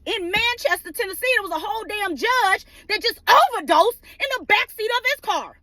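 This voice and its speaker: A woman's voice: extremely high pitch, lively intonation, normal speed, bright, forceful tone, no echo. A woman ranting passionately in her car, swearing freely and firing off rhetorical questions. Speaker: vlogger ranting on legal news. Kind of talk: impassioned rant.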